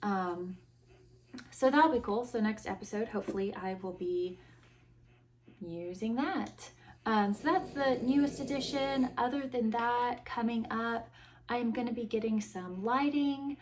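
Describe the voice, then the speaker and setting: A woman's voice: on the high side, measured pace, a little hiss or hum. Chatty, rambling woman podcaster. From United States. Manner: rambling, chatty, self-mocking with dry sarcasm. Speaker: podcast host. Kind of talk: casual solo chat. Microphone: iPhone.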